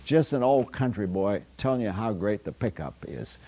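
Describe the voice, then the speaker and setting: An older man lectures a university class, a somewhat low voice. He rambles through anecdotes, stopping often for fillers and starting sentences over. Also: expressive, moderate pace, dark tone. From United States. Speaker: philosophy lecturer. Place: lecture hall.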